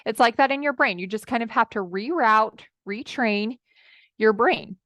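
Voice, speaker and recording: A woman in her thirties with a fairly high, slightly bright voice speaks at a normal pace on a dry recording. Working as a marriage coach, she gives a chatty motivational talk, addressing listeners like friends and acting out what her clients say.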